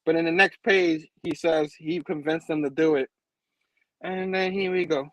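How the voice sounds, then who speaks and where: A man's voice: on the high side, normal speed, slight background noise, poor audio. A man hosting a casual comic book review show, retelling the story with lots of laughter and acted-out lines. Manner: animated, laughs often, acts out lines from the comic. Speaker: podcast host.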